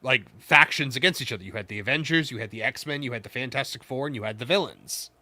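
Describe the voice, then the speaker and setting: A man co-hosting a casual livestream chat with a bright, sharp voice, rambling enthusiastically. The sound is dry and close, with no room echo. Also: mid-range voice, fast talker. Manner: enthusiastic, rambling fan talk. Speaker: podcast co-host.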